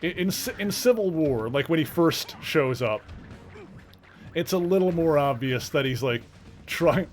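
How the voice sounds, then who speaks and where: A man's voice: on the high side, lively intonation, a little slow. Man, mild Canadian accent, rambling casual chat, fillers and restarts, faint game music behind. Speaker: streamer. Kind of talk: casual chat while gaming.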